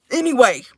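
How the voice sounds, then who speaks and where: A woman's voice: a bit bright, no echo, clean studio sound. A woman in her thirties from Texas, with mixed, shifting accents, chatting casually and profanely on a livestream, rambling and sighing often. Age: 30s.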